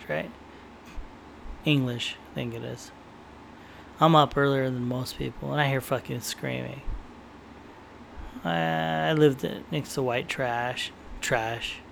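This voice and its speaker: A young man from the San Diego area speaks in a medium-pitched, gravelly voice with a fairly bright tone, over slight background noise. His podcast monologue is casual, rambling and profane, and he tells stories by often quoting his own inner thoughts.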